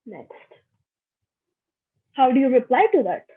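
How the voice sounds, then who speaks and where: A young adult woman teaches a casual online French workshop, chatting and repeating each phrase so learners can practice. Her high-pitched voice is sing-song and slightly rough, and she takes it slowly. The audio is thin and phone-like.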